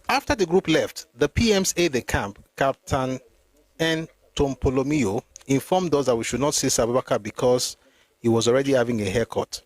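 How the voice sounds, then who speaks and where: For a history channel, a man reads aloud from a memoir in a medium-pitched, animated voice with no echo. He keeps a steady pace, stopping now and then to comment and reread a passage.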